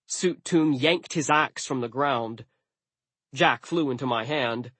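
A man narrating an audiobook in a studio, with wry, deadpan asides. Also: medium pitch, takes it slowly, no room sound.

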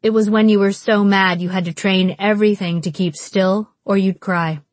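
A woman reading an audiobook in a wry, measured narration style. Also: mid-range voice, fairly even intonation, dry recording.

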